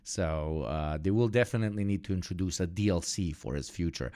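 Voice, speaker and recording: Low-voiced man giving dry stream commentary. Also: fairly quick, few pauses, mellow, clear, resonant tone, no echo. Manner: sardonic, jokey, swears, laughs often. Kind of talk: casual live-stream commentary.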